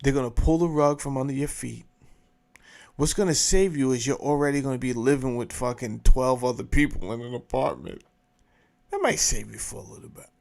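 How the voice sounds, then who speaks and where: A male show host with a gravelly, fry-laden voice, ranting in a blunt, profane and emphatic way. His delivery is casual commentary, loose and forceful in its points. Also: mid-range voice, a little fast.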